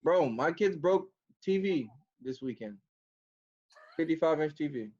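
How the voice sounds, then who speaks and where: A man co-hosting a podcast, telling stories in relaxed, slangy casual chat. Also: a little high, unhurried, lo-fi sound. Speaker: podcast co-host.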